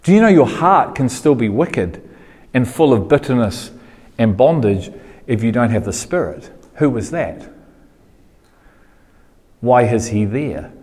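A man preaching a sermon to a congregation, asking questions and repeating phrases, getting louder and higher when he gets going. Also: normal speed, in a large hall. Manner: animated preaching, rising in pitch when fired up.

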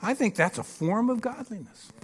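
Animated male preacher, rhetorical asides. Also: high voice, moderate pace. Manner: animated and emphatic, with frequent rhetorical "Hello?" checks. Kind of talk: sermon. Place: church stage before a live audience.

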